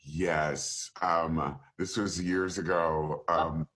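A man's voice: very deep voice, very slow. A man, a voice actor, telling an anecdote on a remote call through his computer mic, laughing as he goes. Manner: lively storyteller who laughs and slips into voices. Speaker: voice actor guest.

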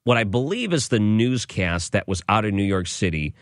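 Male radio host, very deep voice, enthusiastic casual delivery, dry close studio mic. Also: sing-song, normal speed, no room sound. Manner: enthusiastic, chatty, with restarts. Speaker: overnight radio show host. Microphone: studio microphone.

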